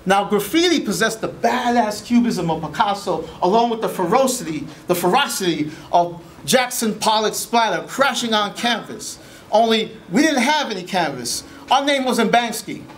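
A man's voice: high-pitched, animated, normal speed, fairly bright tone, slight background noise. A man in his forties telling comic stories on stage, with a playful, wry manner. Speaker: solo performer.

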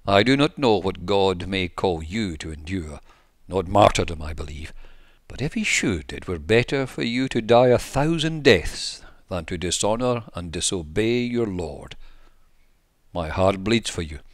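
A man narrating an old religious account in a measured, solemn, sermon-like way. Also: sits low, no echo, studio quality.

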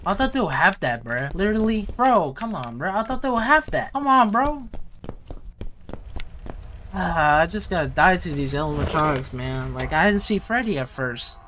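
A man's voice: sits high, big pitch swings, moderate pace, sharp tone, slight background noise. Jumpy young man narrating his gameplay. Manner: jumpy, rambling slang-heavy running commentary. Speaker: gaming youtuber. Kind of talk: horror game let's play commentary.

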